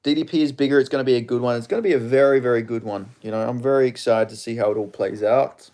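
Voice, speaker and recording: A man's voice: mid-range voice, steady tone, quick pace, mellow. A man hosting a casual live stream, rambling as he answers chat questions about fighters.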